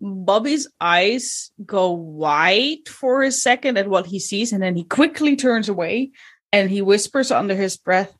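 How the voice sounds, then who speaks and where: A woman narrating a tabletop role-play game as game master, descriptive with filler pauses. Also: mid-range voice, animated, husky.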